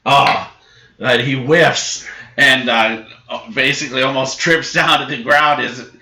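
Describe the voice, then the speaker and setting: A man narrating as game master in a relaxed, halting way, full of fillers. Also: medium pitch, vocal fry. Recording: echoey room recording, some noise.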